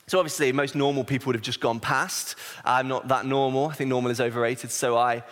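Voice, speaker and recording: Man preaching, self-deprecating, animated storytelling, mid-pitched voice, echo of a hall. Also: fairly quick. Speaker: assistant pastor. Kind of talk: sermon with personal storytelling. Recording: reverberant hall.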